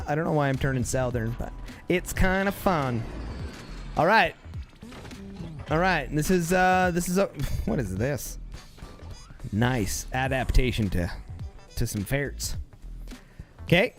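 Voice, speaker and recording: A man commentates a strategy game live in an excitable play-by-play style. His voice sits on the high side and he often repeats his short calls. Faint music plays underneath. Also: takes it slowly, long pauses.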